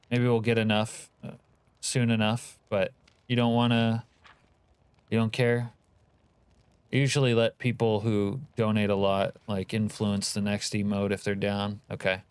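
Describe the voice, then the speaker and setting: Foul-mouthed male streamer, smooth and low. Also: fairly even intonation, normal speed, no echo. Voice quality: profane, joking banter. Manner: reads and answers live chat. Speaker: livestream host. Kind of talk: casual chat with viewers.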